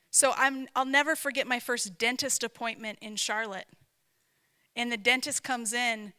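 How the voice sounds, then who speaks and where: A woman's voice: a little high, sharp tone. A woman, an author and speaker, giving a conversational teaching talk in a reflective, emphatic way. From not from the American South. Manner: reflective, emphatic, asks herself questions aloud.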